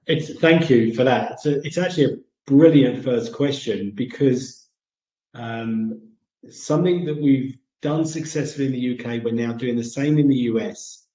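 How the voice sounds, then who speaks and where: A man's voice: medium pitch, mellow, reverberant, low-quality recording. A man with a British accent hosting a casual chat segment, rambling with many ums and uhs. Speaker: segment host.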